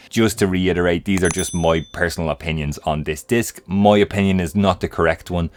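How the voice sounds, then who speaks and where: A man's voice: deep voice, dry recording. A man hosting his own channel, giving a casual spoken review of a home-video disc and chatting to his viewers, whom he keeps calling "guys". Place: room at home.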